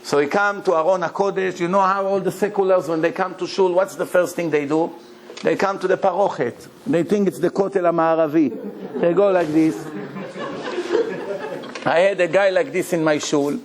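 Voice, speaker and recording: Animated rabbi giving a Torah lecture. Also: male voice, high-pitched, normal speed. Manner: animated storytelling with rhetorical questions; non-native English grammar.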